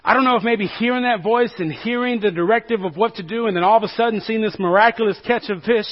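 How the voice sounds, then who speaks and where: A man's voice: sits high, quick pace. A male pastor preaching a sermon to a congregation in a church, conversational and joking, often asking the listeners questions. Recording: dull lo-fi recording.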